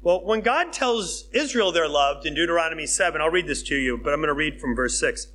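A man preaching a sermon in a conversational, emphatic way, dropping to hushed tones and then rising with excitement. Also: fairly high pitch, a little fast. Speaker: pastor.

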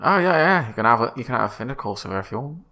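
A man's voice: mid-range voice, big pitch swings, very fast, pushed and bright. A man playing a posh Australian-accented fraudster. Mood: sly. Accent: put-on Australian. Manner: improvised, rambling, cheeky. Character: posh exiled male aristocrat fraudster.

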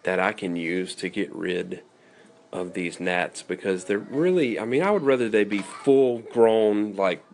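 A man's voice: sits low, a little mellow. A man hosting a casual radio talk show, rambling with restarts and joking asides, from the US South.

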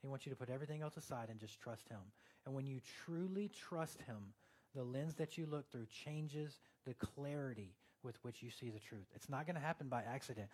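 A man's voice: medium pitch, brisk, darkish tone. A male pastor preaching a sermon in a conversational way, turning earnest and emphatic, with joking asides to the congregation.

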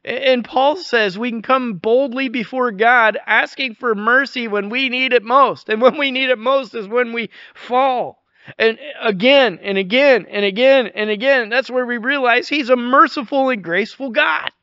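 A man preaching a sermon in a conversational way, often restarting phrases and dropping to a soft, intense hush. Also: extremely high pitch, clear, resonant tone, dry recording, highs cut off. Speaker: pastor.

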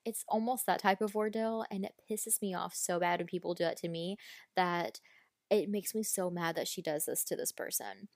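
A woman's voice: on the low side, steady tone, moderate pace, no echo, clean studio sound. A woman hosting a casual true-crime podcast, telling the story bluntly with swearing and indignant asides. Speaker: podcast host.

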